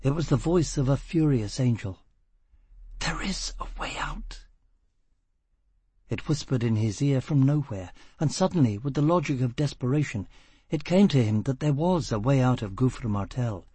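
A man narrating a novel in a measured, dramatic voice with steady pauses. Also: mid-range voice, slightly rough, no echo. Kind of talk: audiobook narration.

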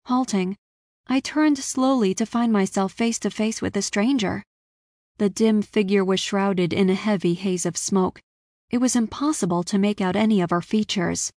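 Woman giving an expressive story reading. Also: mid-range voice, moderate pace, dry recording, studio quality. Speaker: audiobook narrator. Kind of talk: scripted first-person story narration.

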